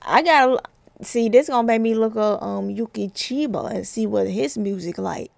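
Raspy young woman hyping a track. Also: on the high side, moderate pace, darkish tone, no echo, soft background music. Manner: hyped, laughing, talks back to the track. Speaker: music reaction vlogger. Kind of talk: casual reaction commentary.

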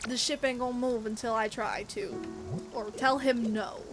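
Streamer woman, high voice, chatty gameplay talk over loud game music. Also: normal speed. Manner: chatty, reads game dialogue aloud. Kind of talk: casual gameplay commentary. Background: background game music.

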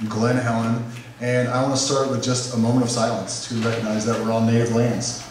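A man hosting a live community poetry reading, welcoming the audience and thanking helpers in a relaxed, chatty way. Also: mid-range voice, brisk. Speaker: event host. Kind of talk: casual welcome and thank-yous at a live event. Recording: echoey hall from far off, noisy.

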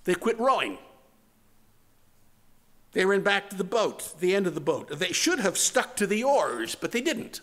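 A man with a rather high voice preaches a sermon as pastor. He swings between forceful emphasis and soft, almost whispered words. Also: sing-song, a little slow, long pauses. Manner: dramatic shifts from loud to hushed, near-whispered words.

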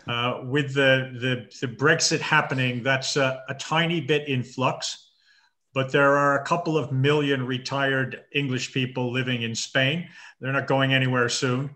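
A marathon swimmer in his fifties is interviewed over a video call in a casual chat, speaking with halting restarts and dry, understated humor. His mid-range voice is steady, bright, and forceful.

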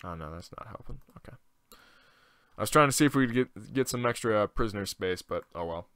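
Young male gaming host, bright, forceful voice; loose, profane, thinks out loud. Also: lowish voice, animated, fairly quick, clean tone, dry recording, studio quality. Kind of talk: casual let's-play commentary.

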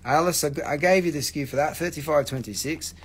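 Slightly rough and a little fast, a middle-aged man's higher-pitched voice carries a casual live sales chat. He hosts a rock and mineral sale online from a family-owned shop, rambling and swearing as he goes.

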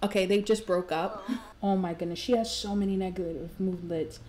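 A woman hosting a game channel, giving excitable let's-play commentary with gasps and exclamations. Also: mid-range voice, moderate pace. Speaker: gaming channel host.

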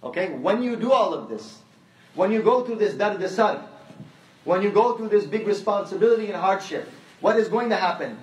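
With an animated voice that sits high, a male preacher talks at normal speed through a conversational sermon of stories and repeated phrases. A distant mic records him in a hall full of echo.

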